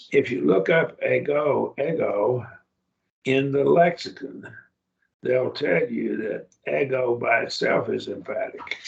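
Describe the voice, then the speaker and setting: A man's voice: mid-range voice, creaky, highs cut off. A man teaching a Greek grammar class, explaining patiently and often checking that students follow.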